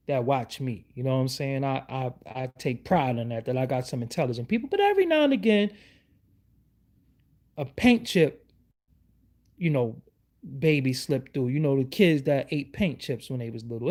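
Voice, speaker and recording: A middle-aged New man hosts his online show in a heated rant, firing off one rhetorical question after another. His voice sits high and swings widely in pitch as he talks. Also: darkish tone. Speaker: YouTube show host. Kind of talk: livestream rant.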